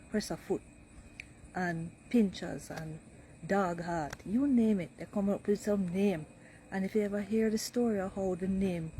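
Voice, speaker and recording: A woman's voice: fairly low pitch, dark tone, a little hiss or hum, low-quality recording. A woman with a Jamaican accent, from Jamaica, casually telling stories about growing up there. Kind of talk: casual storytelling.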